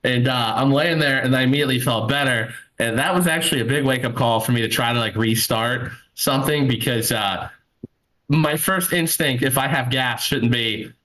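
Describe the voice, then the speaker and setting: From his home computer, a man in his thirties does a stand-up set over a video call, using the computer mic. His medium-pitched voice comes across pushed and bright at a moderate pace, in a rough recording. The stories he tells are rambling and self-mocking, thick with fillers.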